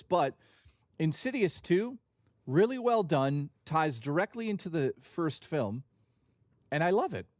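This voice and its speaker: A man's voice: a little high, no room sound, studio quality. A man hosting a livestream, talking in a casual, jokey and profane way. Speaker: livestream host.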